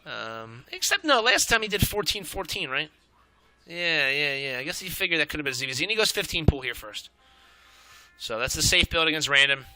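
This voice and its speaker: A young man commentating a strategy game match, excitable and out of breath, swearing and rambling as he calls the play. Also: on the high side, a little fast, dry recording, faint music behind.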